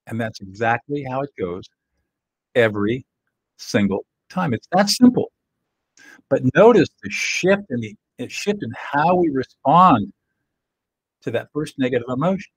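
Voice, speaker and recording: A man's voice: medium pitch, breathy edge, dry recording, poor audio. An older man teaching emotional skills in a plain-spoken, confident, earnest way, speaking straight to his viewers. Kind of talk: direct-to-camera teaching talk.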